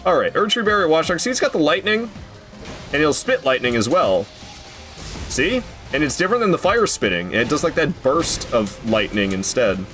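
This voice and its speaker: A man's voice: on the high side, big pitch swings, normal speed, a bit bright, faint music behind. A man streaming a video game, chatting casually and drifting into profane rants between fights. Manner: rambling, swears freely, goes off on rants. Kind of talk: casual gameplay commentary.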